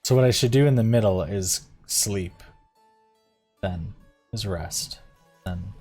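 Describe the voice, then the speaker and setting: A man's voice: fairly low pitch, takes it slowly, long pauses, darkish tone, husky, faint music behind. A man streaming a visual novel, reading its text aloud and musing casually about his choices. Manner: casual, musing aloud between read passages. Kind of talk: let's-play game reading and commentary.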